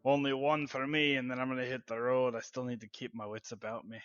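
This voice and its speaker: A man voicing a friendly, jovial middle-aged father in a tabletop game, hearty and quick to laugh. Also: mid-range voice, flat delivery, a bit bright, clear, resonant tone, dull audio, faint music behind, natural voice. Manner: hearty, laughing, calls people mate and lad.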